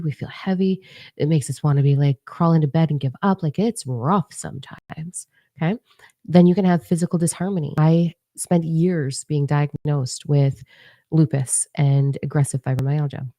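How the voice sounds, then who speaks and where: A middle-aged woman from Canada gives a blunt, profane motivational talk as a spiritual coach. Her voice is low and dark, with plenty of gravelly fry. The recording is close and dry. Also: no echo. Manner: blunt, profane, animated storytelling. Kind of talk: casual motivational monologue.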